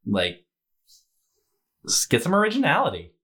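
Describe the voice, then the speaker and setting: A man's voice: a little high, wildly swooping pitch, normal speed, fairly bright tone. A man co-hosting a tabletop game podcast in casual chat, rambling with restarts and goofy asides. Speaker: podcast co-host.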